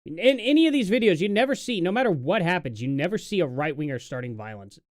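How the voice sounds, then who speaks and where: A man's voice: high voice, very animated, fast, no echo, studio quality. A man hosting a live stream, reacting to protest clips with sardonic, mocking commentary and lots of fillers.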